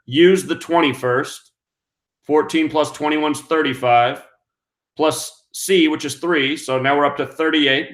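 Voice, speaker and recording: A man's voice: medium pitch, a bit bright. A man hosting an online show, giving an emphatic monologue that counts out numbers and asks rhetorical questions. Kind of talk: monologue commentary. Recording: roomy echo.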